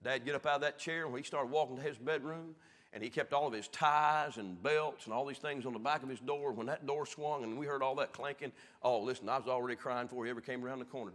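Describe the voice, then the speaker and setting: A man with a Southern American accent preaching a sermon as pastor, swinging from shouted peaks down to low, quiet lines. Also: quick pace. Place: church sanctuary. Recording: echoey church hall.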